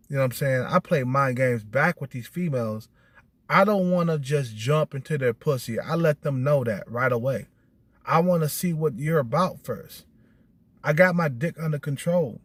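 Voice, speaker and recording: Blunt profane middle-aged man. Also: no echo. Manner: blunt and profane, repeats "you know what I'm saying"; animated, rising high when quoting texts. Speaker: vlogger. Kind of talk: casual monologue.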